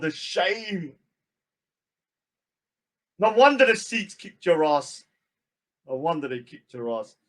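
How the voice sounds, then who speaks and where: A man hosting a live stream, ranting and mocking, swinging between shouts and low mutters.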